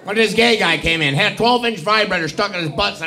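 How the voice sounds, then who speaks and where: Brief: male stand-up comic, high bright voice, drawling storyteller acting out characters, faint club crowd behind. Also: fast. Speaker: stand-up comedian. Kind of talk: stand-up joke telling. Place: comedy club stage with live audience. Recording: audience laughter, faint crowd noise.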